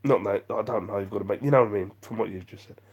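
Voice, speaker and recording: A man's voice: lowish voice, racing, husky, muffled recording. A man chatting on a live vlog stream, rambling and self-deprecating as he reads out viewer comments. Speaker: vlogger.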